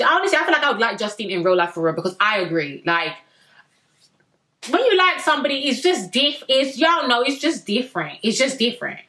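A young woman reviewing a reality dating show in a chatty, slangy way, with sudden excited bursts. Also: mid-range voice. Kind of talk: casual recap vlog.

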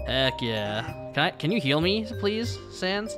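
A man's voice: mid-range voice, lively intonation, normal speed, few pauses. A man giving casual let's-play commentary while he plays a video game, with anxious, jokey reactions. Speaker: gamer streamer. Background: faint game music.

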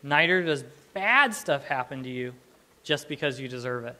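A man's voice: mid-range voice, lively intonation, moderate pace, pushed and bright. A man in his thirties preaching a sermon in a conversational, humorous way, often restarting his sentences. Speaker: pastor.

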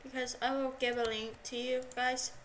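A young woman livestreaming a game, excitable and repeating herself, yelping at what happens on screen. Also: high voice, moderate pace, a little hiss or hum, low-quality recording. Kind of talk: live gameplay commentary.

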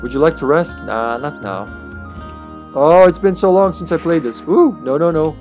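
Playful, lively-voiced male game streamer. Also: fairly high pitch, moderate pace, soft background music. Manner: playful, joking, reads in-game lines aloud. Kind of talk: casual gameplay commentary.

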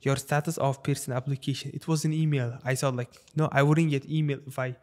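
A man's voice: mid-range voice, little pitch movement, fairly quick, darkish tone. Young Uzbek man telling his story. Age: young adult. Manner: rambling storyteller, many fillers and restarts. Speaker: guest. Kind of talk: casual podcast interview.

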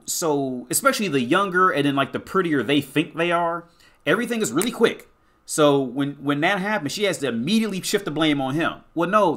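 A man delivering a blunt, profanity-laced commentary rant, stumbling over repeated words. His voice sits a little high and swings widely in pitch. The tone is bright and forceful. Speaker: commentary vlogger. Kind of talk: ranting reaction commentary.

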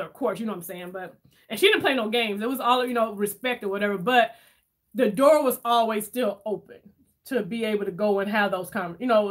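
A woman chatting casually with her viewers while doing her makeup, telling stories in an animated way and reading their comments aloud. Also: on the high side. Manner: chatty, animated storyteller, addresses viewers as y'all. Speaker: beauty vlogger reading live chat.

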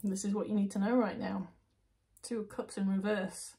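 A woman's voice: mid-range voice, level tone, moderate pace, gravelly, warm tone. Emotional woman giving a tarot reading. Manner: emotional, intuitive, self-interrupting; thinks aloud with restarts and asides. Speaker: tarot reader.

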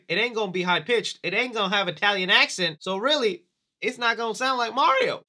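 A man's voice: high voice, sharp tone. A man hosting a movie news video, chatting opinionatedly and asking his viewers questions. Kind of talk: casual video commentary.

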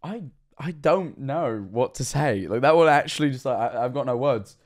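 A young man, streaming casual reaction commentary and often laughing, excitable and swearing. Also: medium pitch, normal speed.

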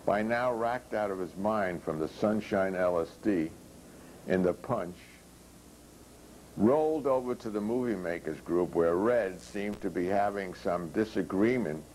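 Man reading crude fiction deadpan. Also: low voice, unhurried, slight background noise, poor audio. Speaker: author reading his own fiction. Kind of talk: reading a novel chapter aloud.

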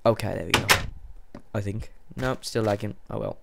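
A man giving casual gameplay commentary, excitable and jumpy, rambling and yelping as he plays. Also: lowish voice, normal speed, creaky, background noise. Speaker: let's play gamer.

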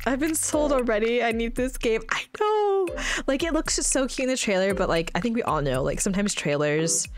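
A woman's voice: a little high, brisk, few pauses. A young woman streaming a video game, chatting casually, laughing often and reading dialogue aloud. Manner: giggly, excitable, often laughing. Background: game music.

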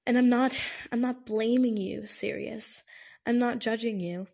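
A woman's voice: on the high side, fairly even intonation, measured pace, vocal fry, dark tone. A woman reading an audiobook, voicing a protective young man who speaks firmly and earnestly. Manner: firm, insistent, earnest. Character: firm, caring young man, protective and stubborn. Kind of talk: audiobook character voice.

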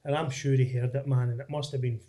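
A young Scottish man hosting a podcast, chatting casually and telling lively stories. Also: mid-range voice, quick pace. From Scotland. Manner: animated storytelling, mimics others' voices. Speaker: podcast host. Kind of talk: casual chat.

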